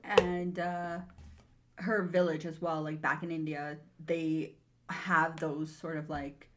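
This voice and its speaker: A woman's voice: low-pitched, little pitch movement, slow pace, a little hiss or hum. A young woman co-hosting a podcast, chatting casually and chiming in to finish her sister's sentences. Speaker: podcast co-host. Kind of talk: casual chat.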